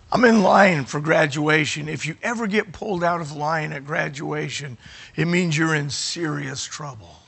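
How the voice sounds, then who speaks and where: A middle-aged man preaching as he tells his own testimony, with an emotional delivery that swings from near shouts to quiet moments and often restarts his phrases. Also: fairly high pitch, gravelly, slightly rough. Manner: emotional, rising to near shouting at climaxes, dropping quiet at others; repeats words and restarts phrases. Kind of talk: sermon storytelling.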